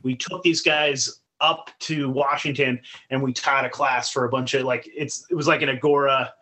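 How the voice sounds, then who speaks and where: Swearing, bright-voiced man telling stories. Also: medium pitch, moderate pace. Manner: profane, animated storytelling. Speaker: podcast guest. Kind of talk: casual chat.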